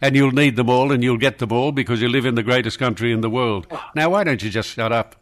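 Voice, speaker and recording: A man's voice: mid-range voice, quick pace. An older Australian man hosting talkback radio, blunt and scolding as he argues with a caller.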